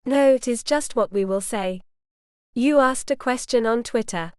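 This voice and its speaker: A man's voice: very high-pitched, a little slow, clear, resonant tone, no echo, studio quality. A woman voicing a playful young male doctor who puts on a hammy Southern drawl. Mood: scheming. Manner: hams up a fake Southern drawl.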